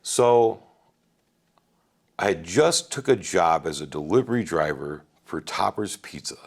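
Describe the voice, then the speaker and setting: A deep-voiced man in his forties from Wisconsin speaks slowly as a podcast guest, walking through his life story. His style is casual, animated and profane, peppered with "right?".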